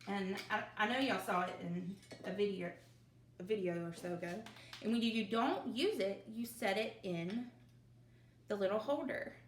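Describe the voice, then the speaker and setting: A woman teacher, leading young children through a phonics review with slow, drawn-out drills and cheerful asides, recorded at home. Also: mid-range voice, a little hiss or hum. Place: home, at her mother's desk. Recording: echoey room.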